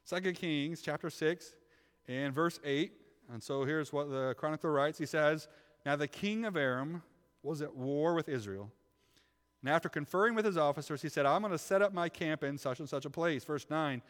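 A man preaching a sermon, telling a Bible story with lively acted-out voices and shifts from loud to hushed. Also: on the high side, normal speed. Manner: animated storytelling, acting out biblical figures. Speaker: pastor. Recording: long hall reverb.

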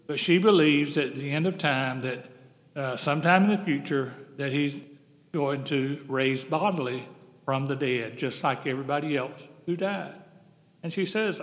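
Earnest male pastor preaching in a reverberant hall. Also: on the high side. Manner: earnest preaching, slowing on key phrases. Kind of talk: sermon.

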